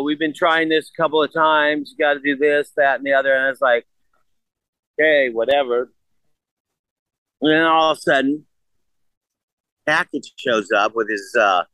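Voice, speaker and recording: A man in his sixties telling a story in casual chat, animated and profane, acting out what others said. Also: medium pitch, no room sound, low-quality recording. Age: 60s. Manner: animated, profane, acts out quotes.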